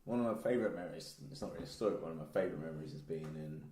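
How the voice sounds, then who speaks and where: Fast-talking deep-voiced man. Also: a crowd in the background. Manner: quick, rambling anecdote telling. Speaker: podcast co-host or guest. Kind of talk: casual chat. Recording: roomy echo, faint noise.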